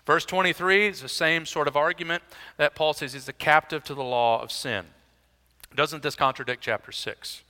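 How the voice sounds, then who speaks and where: A man's voice: on the high side, fairly even intonation, normal speed, bright, forceful tone, big-room sound. A man preaching an expository sermon as pastor, in a conversational style with dry, self-deprecating asides.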